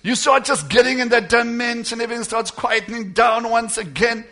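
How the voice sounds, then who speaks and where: Faint music sits behind a very high-pitched man preaching to his congregation. He moves between hushed and loud passages, stretching out words slowly to emphasize them.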